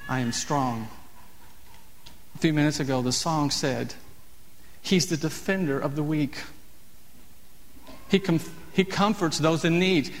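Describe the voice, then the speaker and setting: A man with a fairly high voice speaks slowly and with emphasis. He preaches a devotional message on the radio.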